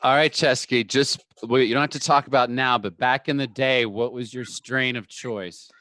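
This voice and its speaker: Bright-voiced man telling a comic story. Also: medium pitch, normal speed, no room sound. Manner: animated storyteller acting out quotes. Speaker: co-host. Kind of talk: casual chat, comic storytelling.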